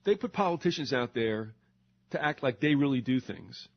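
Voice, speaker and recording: A man's voice: mid-range voice, expressive, moderate pace, creaky, slightly rough. An older man hosting a talk show, ranting in a sarcastic, indignant monologue with mocking asides. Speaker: radio talk show host. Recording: dull lo-fi recording.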